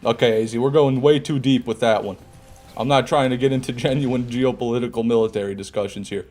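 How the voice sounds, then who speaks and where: A man's voice: mid-range voice, steady tone, a little fast, darkish tone. An American man in live gameplay commentary, chatting with viewers in a joking, swearing way and often laughing. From United States. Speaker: gaming streamer.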